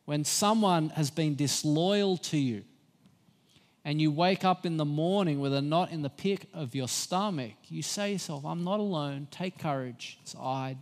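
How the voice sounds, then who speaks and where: A middle-aged man preaching a sermon, earnest and gentle, rising for emphasis. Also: a little high. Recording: long hall reverb.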